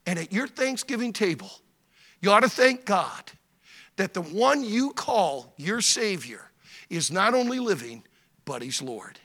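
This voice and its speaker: Dramatic, animated male preacher. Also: high voice, measured pace. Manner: dramatic, swings from loud declaring to hushed storytelling. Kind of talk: sermon.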